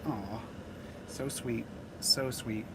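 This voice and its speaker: A man's voice: medium pitch, drawn-out words, a little hiss or hum, poor audio. A man hosting a casual livestream outdoors, hot and sweating, talking in a rambling way with many repeated phrases. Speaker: livestreaming channel host. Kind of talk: casual live-stream chat.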